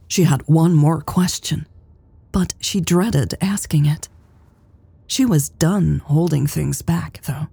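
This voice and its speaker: A woman narrating a romance audiobook in a slow, hushed, measured reading. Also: on the low side, creaky, breathy edge, dry recording.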